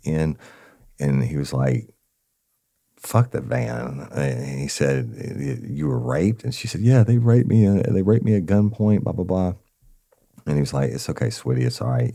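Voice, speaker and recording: Male podcast host, very low and gravelly, dark husky tone, lively delivery. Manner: animated retelling with quoted dialogue, addresses listeners as y'all. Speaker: podcast host, former detective. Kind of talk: casual true-crime storytelling.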